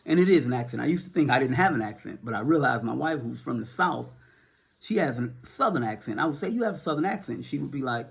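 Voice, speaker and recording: A middle-aged man from the United States with a Northern American accent talks casually to his viewers. His voice is gravelly and a bit husky. He rambles, restarts his sentences and fills the gaps with "uh" and "um". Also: medium pitch, expressive, fast. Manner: rambling, repeats words, many fillers. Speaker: vlogger answering viewer questions. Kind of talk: casual to-camera talk.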